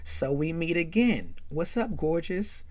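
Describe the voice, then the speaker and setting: A woman voicing a nervous teenage boy playing it cool, talking low and stammering. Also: expressive, unhurried, no room sound. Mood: cocky. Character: nervous teenage boy turned small-time dealer.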